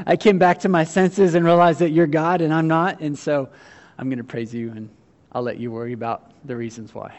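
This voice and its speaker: Animated preacher man, fairly high voice. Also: lo-fi sound. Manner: animated, acts out voices in quotes, laughs often; drops to quiet, slow delivery on scripture. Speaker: pastor. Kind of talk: sermon.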